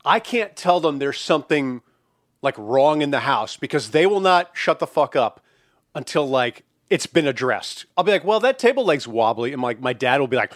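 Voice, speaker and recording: A man's voice: medium pitch, lively intonation, moderate pace, no echo, studio quality. A young man hosting a talk podcast, chatting casually with lots of filler and profanity. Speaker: podcast host. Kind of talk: casual chat.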